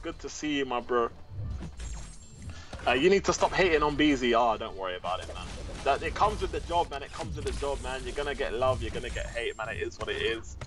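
A man's voice: mid-range voice, brisk. A man co-commentating a game livestream in an easygoing way, reading viewers' chat aloud and bantering. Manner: easygoing, reads chat aloud, laughs often. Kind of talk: laid-back livestream banter.

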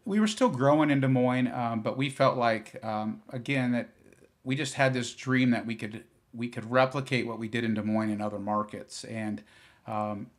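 A man's voice: medium pitch, normal speed. Guy from iowa chatting on a podcast, loose and rambly, lots of ums and restarts. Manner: relaxed, rambling with many fillers and restarts. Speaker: guest, business founder. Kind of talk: podcast interview.

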